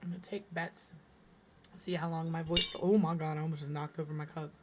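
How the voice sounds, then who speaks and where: A woman streaming a game, hoarse with her voice fading, chatting tiredly and muttering to herself as she builds. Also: low-pitched, flat delivery, fairly quick, very noisy. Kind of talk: casual gameplay streaming chat.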